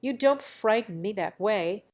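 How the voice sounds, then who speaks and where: A woman's voice: medium pitch, expressive, a little slow, a little mellow. A woman voicing a bitter young man who taunts his father with malice. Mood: sneering. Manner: sneering, malicious.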